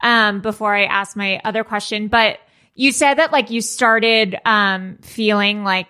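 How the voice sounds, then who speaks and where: A woman's voice: mid-range voice, measured pace, pushed and bright, smooth. A woman host asking curious, eager questions in casual chat, with many fillers.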